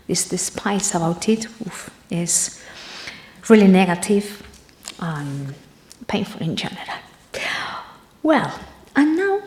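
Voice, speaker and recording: A woman gives an academic conference talk in a lecture room. Her delivery is halting, with frequent pauses as she searches for words. Her mid-range voice rings with noticeable room echo. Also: medium pitch, darkish tone. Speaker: conference presenter.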